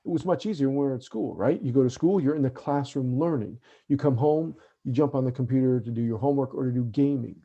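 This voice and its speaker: Over dull, lo-fi online call audio, a middle-aged man talks earnestly to parents, frequently checking in with "right?". He's a fast talker who barely pauses, with a medium-pitched, dark-toned voice.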